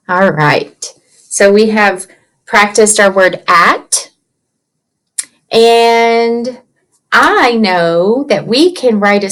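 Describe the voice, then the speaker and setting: A woman teaching young children a writing lesson from her computer, slowly and patiently sounding out letters and words. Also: mid-range voice, fairly bright tone. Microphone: computer mic.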